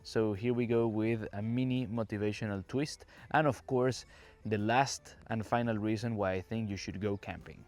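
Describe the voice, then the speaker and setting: A man's lowish, slightly mellow voice keeps fairly even intonation at a moderate pace. He's a Caribbean English teacher casually podcasting from an outdoor campsite, recording on his phone while walking and explaining things straight to the listener.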